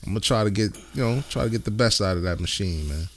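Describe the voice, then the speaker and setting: A man co-hosting a casual podcast, telling stories with lots of energy and slipping into high-pitched voices to quote his wife. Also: fast, slight background noise. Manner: animated storyteller, mimics his wife in a high voice. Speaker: podcast co-host. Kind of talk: casual chat.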